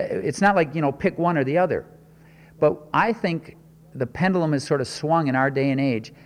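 A man preaching a sermon as pastor, earnest and measured, with emphatic rises. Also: medium pitch, in a large hall.

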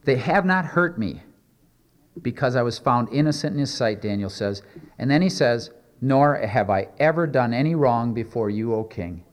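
A man's voice: medium pitch, animated, normal speed. A male pastor preaching a sermon, reading scripture aloud and then explaining it in a conversational way with many rhetorical questions.

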